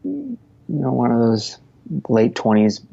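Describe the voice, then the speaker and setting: A man's voice: medium pitch, huge pitch swings, slow, vocal fry, dark tone, breathy edge, dull audio. A man in his thirties from Montana, a podcast guest talking casually, rambling with many restarts and frequent laughs. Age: 30s. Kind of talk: casual conversational interview.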